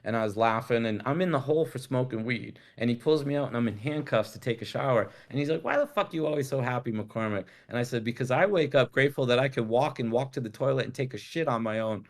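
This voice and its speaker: A man's voice: medium pitch, fast, few pauses. A middle-aged man telling long stories in casual conversation, rambling and cursing freely. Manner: rambling, profane, laid-back storytelling. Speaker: guest.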